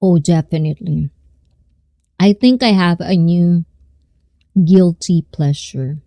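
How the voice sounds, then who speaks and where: A woman's voice: fairly low pitch, slow pace, mellow, dry recording. A woman in her thirties with a Filipino accent, hosting a casual live stream, giggling often and mixing Tagalog with English as she reads the chat. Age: 30s.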